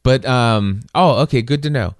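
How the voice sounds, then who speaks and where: A man's voice: mid-range voice, normal speed, no echo, studio quality. A man co-hosting a casual chat, rambling with frequent restarts and repeated words.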